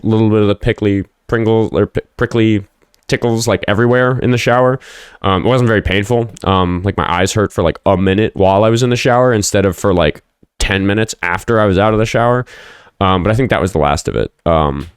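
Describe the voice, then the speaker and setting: A man's voice: on the low side, clear, resonant tone, dry recording, clean studio sound. A man hosting a casual livestream, chatting and rambling, swearing freely and snapping back at commenters. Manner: profane, combative toward chat, rambling. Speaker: livestream host.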